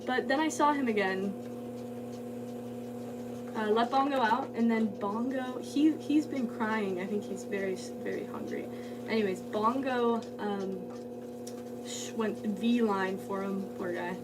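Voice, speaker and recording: A woman's voice: on the high side, measured pace. Rambling woman potter chatting from afar. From United States. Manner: rambling, chatty, talks to cats and viewers. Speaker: potter livestreaming. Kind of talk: casual livestream chat while working. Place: pottery studio, indoors. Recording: voice a bit distant, steady hum behind.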